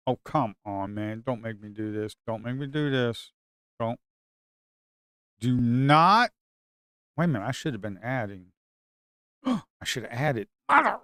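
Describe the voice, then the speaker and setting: A man, commenting live on his own futures trades. He swings from shouting at the market to muttering to himself. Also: a little high, smooth, no room sound, studio quality. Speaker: live trading streamer.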